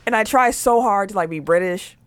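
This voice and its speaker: A podcast host chats casually about wrestling, steering the conversation and breaking into laughter often. The voice sits at a middling pitch, and the delivery stays loose and friendly. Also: fairly quick, smooth, no echo. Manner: chatty and laughing, steers the topics. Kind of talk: casual chat.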